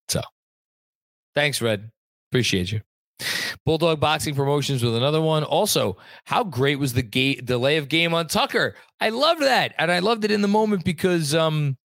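A man's voice: medium pitch, fairly bright tone, no echo. A young adult man hosting a casual sports live stream from home, reading out viewer comments with a rambling, chatty manner and some swearing. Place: home room at a computer.

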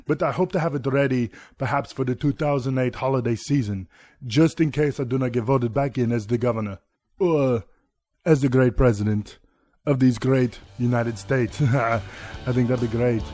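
A grandiose action-star governor, as a man puts him on for a comedy sketch, speaking with halting, mock-serious pomp. The voice sits at an ordinary pitch. It is recorded very dry, with no room sound. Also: a little mellow, no room sound, natural voice. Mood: boastful. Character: bombastic male action-star governor, booming and boastful.

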